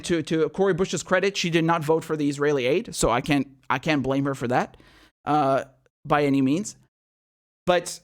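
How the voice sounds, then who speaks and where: Fired-up man ranting, high voice. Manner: heated, profane, full of rhetorical questions; repeats phrases for emphasis. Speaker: political commentary host. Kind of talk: political commentary monologue.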